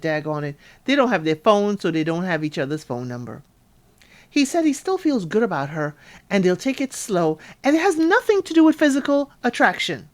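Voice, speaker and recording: A woman, casually recapping a reality show and talking straight to her listeners in a chatty, sassy way. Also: medium pitch. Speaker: podcast host reviewing a reality show.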